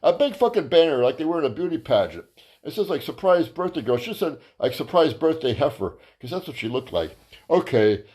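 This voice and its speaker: This man speaks fairly quickly with a breathy edge, rambling through a profane stand-up story on the comedy show he hosts. His delivery is crude and padded with fillers, yet energetic, with squeaky high voices for quoted lines.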